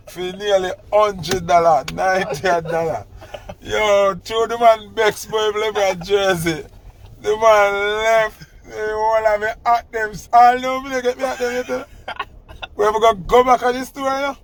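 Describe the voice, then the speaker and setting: Slow gravelly man teasing. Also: high-pitched, fairly even intonation, a little hiss or hum. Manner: teasing, laughing, mock-scolding. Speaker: father telling a story. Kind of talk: casual storytelling chat.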